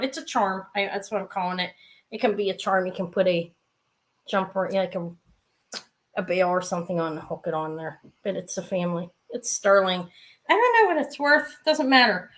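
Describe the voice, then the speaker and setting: A woman's voice: on the high side, fairly bright tone. A middle-aged woman chatting casually as she sells jewelry in a live-stream auction, rambling with asides.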